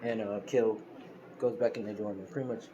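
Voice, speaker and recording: A man's voice: fairly low pitch, fairly even intonation, fairly quick, highs cut off. Guy rambling thru a fan story on his phone, lots of um and like, noisy mic. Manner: rambling, many fillers and restarts. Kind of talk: casual fan story retelling. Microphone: phone screen recorder.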